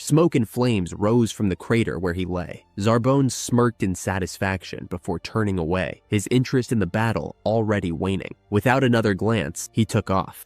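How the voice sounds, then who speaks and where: A man reading a scripted story narration in a measured, steady way. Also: fairly low pitch, no echo.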